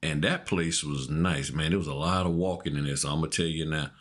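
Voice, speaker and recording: Deep-voiced laid-back man telling stories. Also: a little fast, husky. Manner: laid-back, laughing, slangy storyteller. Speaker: podcast co-host. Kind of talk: casual storytelling chat.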